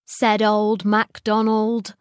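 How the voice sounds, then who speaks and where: A woman with a British accent narrating a children's storybook in a clear, expressive read-aloud manner. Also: mid-range voice, slow pace, no echo, studio quality.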